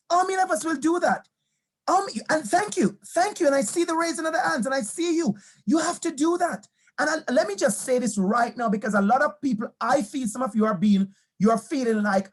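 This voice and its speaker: A man's voice: very high-pitched, lively intonation, moderate pace. Emphatic man urging teachers to act. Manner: emphatic, repeats key phrases, asks questions and speaks to the audience directly. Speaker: educator giving a talk. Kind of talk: motivational talk to teachers with personal stories.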